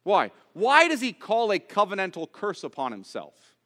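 A man preaching a sermon, with dramatic pauses and rising emphasis. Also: on the high side, huge pitch swings, pushed and bright, long reverb tail. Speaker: pastor.

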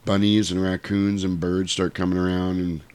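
A man's voice: deep voice, moderate pace, smooth. A man casually retelling a cartoon with crude, profane humor. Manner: profane, animated, lots of voices.

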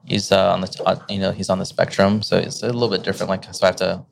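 A man with a deep, gravelly voice, rambling and relaxed. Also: very fast, a little hiss or hum. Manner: relaxed, rambling storytelling with many fillers. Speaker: teacher and podcast guest. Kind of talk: casual conversation.

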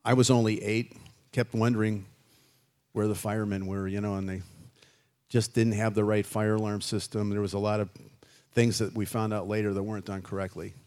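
Slightly fast and flat in delivery, this man's lowish voice is a little mellow. He is a guest musician in his sixties from Chicago, reflecting and rambling through his life story in a relaxed interview.

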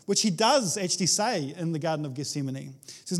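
A man's voice: a little high, expressive, fairly quick. A man preaching a casual, enthusiastic sermon, talking conversationally with frequent restarts. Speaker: pastor.

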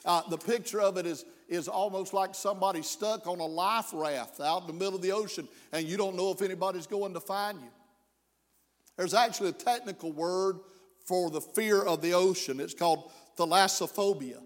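A middle-aged man preaching a sermon, folksy and self-deprecating, rising to slow emphatic pleas. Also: high-pitched. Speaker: pastor. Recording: long hall reverb.

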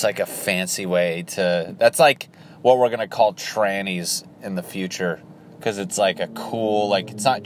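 Lowish guy comedian cussing and laughing thru bits while driving, loud road noise in the car. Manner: crude, profane, laughing asides. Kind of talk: rambling comedy workshop monologue.

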